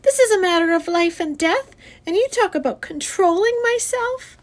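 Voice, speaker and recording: A woman voicing an upset eight-year-old farm girl, pleading in a shrill, tearful voice for a storybook reading. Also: measured pace. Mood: distraught.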